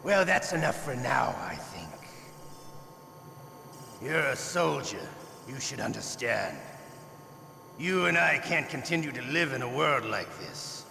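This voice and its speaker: An actor playing a cruel, mocking male torturer in a video game, speaking slowly and deliberately. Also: mid-range voice, very animated, vocal fry, pushed and bright, reverberant, big-room sound, a little hiss or hum, exaggerated voice. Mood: brooding. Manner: taunting, slow and deliberate. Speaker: game villain.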